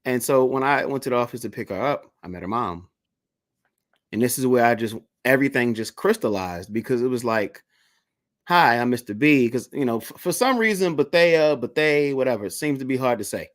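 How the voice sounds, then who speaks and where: A man hosting a video-call interview, telling a story in a casual, animated way and acting out the people in it. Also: mid-range voice, brisk. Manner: animated, acts out the voices in his stories.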